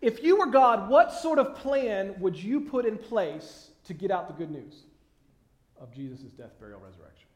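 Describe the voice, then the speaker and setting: Male pastor, high voice, conversational sermon with emphatic questions, echoey church hall. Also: big pitch swings. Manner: conversational, many fillers and pauses, rising to emphatic questions. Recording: echoey room.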